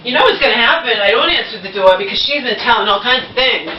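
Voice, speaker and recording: A woman's voice: fairly high pitch, fast talker, slight background noise. A woman venting to the camera in an agitated, profane rant. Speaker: vlogger. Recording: echoey room, distant dull mic.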